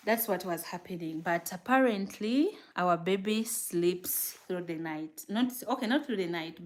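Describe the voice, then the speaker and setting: Lady rambling on a livestream, animated, reads out comments. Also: mid-range voice. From Uganda. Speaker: vlogger and new mother. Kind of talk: casual livestream chat.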